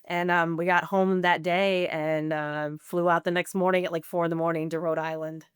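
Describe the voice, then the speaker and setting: A woman's voice: fairly low pitch, little pitch movement, normal speed, smooth, no room sound, studio quality. A woman in her forties, a podcast guest, telling a candid personal recovery story in a conversational way, full of "like" and quoted self-talk.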